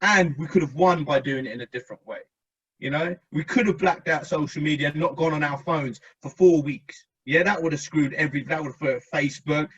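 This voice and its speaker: A man's voice: fairly high pitch, fairly quick, a bit bright, breathy edge, lo-fi sound. A man hosting a casual podcast discussion, talking in a rambling, chatty way and asking the others for their views. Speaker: podcast host.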